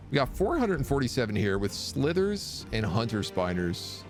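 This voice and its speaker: Over background music, a Canadian man live-streams a strategy game, talking casually in a sing-song, medium-pitched voice at a moderate pace. He's chatty, reading viewer messages aloud and answering them as part of his live gameplay commentary.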